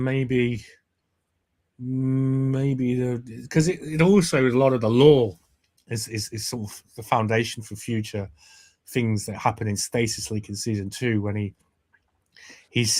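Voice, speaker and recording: A man co-hosting a casual podcast chat, retelling scenes in an animated way and laughing as he quotes the lines. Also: on the low side. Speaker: podcast co-host.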